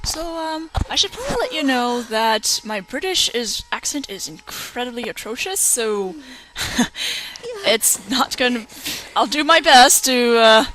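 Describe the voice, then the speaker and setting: A young woman hosting a let's play, chatting excitedly through gameplay commentary. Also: a little high, a little slow, a little hiss or hum. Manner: excitable and giggly.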